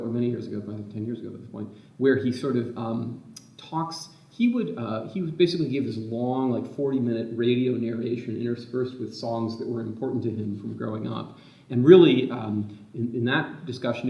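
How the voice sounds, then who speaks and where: A man's voice: medium pitch, creaky. A man speaking as a literary scholar on a symposium panel, thinking aloud in a meandering way that keeps correcting itself. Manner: thoughtful, meandering, self-correcting. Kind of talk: academic discussion. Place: lecture room. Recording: distant, muffled, echoey room.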